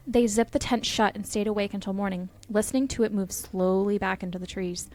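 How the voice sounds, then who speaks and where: A woman's voice: medium pitch, fairly even intonation, a little fast, few pauses. A woman reads creepy campfire tales aloud as a podcast co-host, lingering on the eerie beats. Her delivery is dramatic but playful, and she often breaks into laughter. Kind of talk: reading spooky stories aloud.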